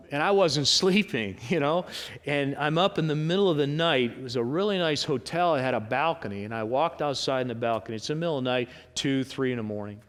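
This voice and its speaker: A man's voice: fairly high pitch, fairly bright tone. A man preaching a sermon as a pastor, talking conversationally and pressing his points with repeated rhetorical questions. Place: church sanctuary. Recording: long church hall reverb.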